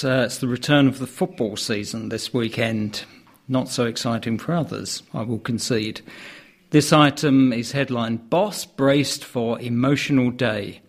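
A man reads out local sports news at a steady, plain pace. He adds the odd dry aside between items. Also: medium pitch. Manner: plain reading with wry asides. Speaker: news reader.

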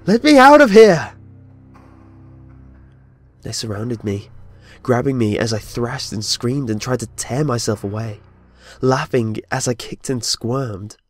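A man's voice: mid-range voice, steady tone, unhurried. Male horror narrator, dramatic storytelling, light music bed. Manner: dramatic storytelling with voiced dialogue.

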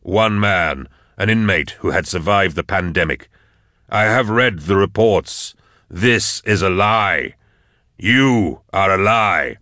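A man's voice: deep voice, moderate pace, few pauses, sharp tone, no echo, clean studio sound. A man voicing a scarred old male investigator who speaks tersely and firmly, in an audiobook reading. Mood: defiant. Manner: terse, questioning, firm.

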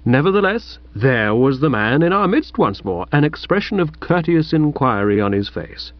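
A man reading a comic novel aloud, expressive and lively, with shouted character lines. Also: a little high, normal speed, no echo. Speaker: audiobook reader. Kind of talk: scripted narration. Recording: dull dry lo-fi recording.

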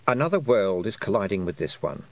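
A man reading an audiobook, voicing a small talking toad with a dry, slow, matter-of-fact manner. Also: lowish voice, big pitch swings, no room sound. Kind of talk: audiobook character voice.

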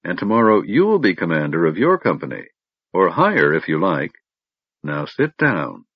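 A man's voice: sits low, huge pitch swings, moderate pace, vocal fry, breathy edge, no echo, exaggerated voice. A man voicing a confident, teasing female warrior commander who speaks pleasantly but with menace. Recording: dull lo-fi recording.

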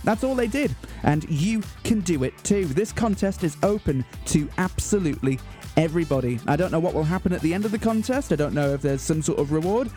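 A man's voice: on the high side, lively intonation, brisk, warm tone, soft background music. A man hosting a community radio show, announcing with mock-grand, earnest comic delivery in a studio. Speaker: radio host. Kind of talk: deadpan comic radio presenting.

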